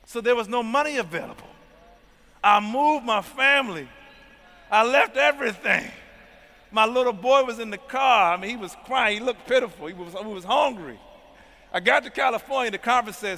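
A man's voice: sits high, moderate pace, pushed and bright. A man who is a pastor, preaching a sermon testimony, calling out to the congregation for responses. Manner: emphatic call-and-response preaching. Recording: long hall reverb.

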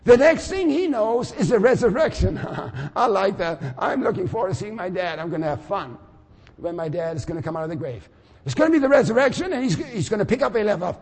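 Older male preacher, high lively delivery, long hall reverb. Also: brisk, breathy edge. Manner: animated, swings from quiet musing to shouting. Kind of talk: sermon.

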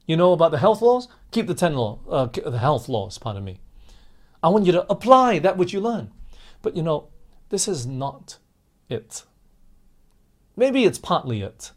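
A man's voice: fairly high pitch, sing-song, normal speed, pauses often. A man preaching a sermon with impassioned, rising and falling emphasis, addressing his listeners as friends.

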